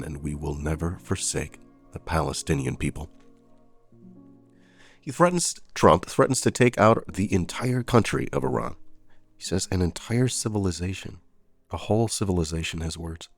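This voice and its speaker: A man with a deep voice runs a casual news commentary show, breaking off from the headlines into sarcastic, disbelieving remarks. Faint music sits under his talk. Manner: sarcastic, incredulous asides.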